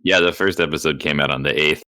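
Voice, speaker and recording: A man's voice: extremely low pitch, fairly even intonation, fast, sharp tone, no room sound. A man co-hosting a podcast, talking in a dry, matter-of-fact casual way. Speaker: podcast co-host.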